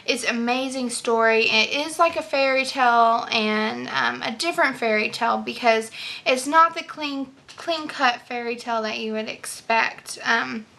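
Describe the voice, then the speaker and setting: A woman's voice: on the high side, moderate pace, vocal fry, bright, forceful tone. A young woman vlogging casual, enthusiastic book reviews, chatty with many fillers and restarts.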